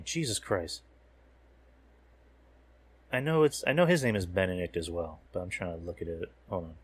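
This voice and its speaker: A man's voice: sits low, normal speed, long pauses, breathy edge, no echo. A man hosting a podcast, casually recapping a film trailer while watching a show, rambling and swearing, often losing his words. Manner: rambling, profane, loses words mid-sentence. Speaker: podcast host.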